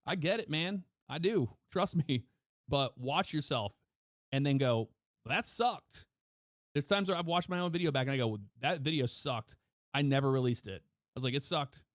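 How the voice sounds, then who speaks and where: A man chatting casually as a guest, self-assured and quick in bursts, speaking right on a close studio mic with heavy EQ. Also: a little high, lively intonation, no echo. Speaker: guest streamer. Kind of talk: casual chat. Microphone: close dynamic mic with heavy EQ.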